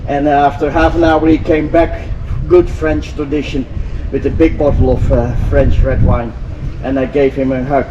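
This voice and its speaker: A man's voice: medium pitch, normal speed, lo-fi sound. Older man from Europe, telling a story. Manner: animated, acts out dialogue, repeats phrases. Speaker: inspirational speaker. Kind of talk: storytelling talk to an audience. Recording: distant mic with faint vehicle noise.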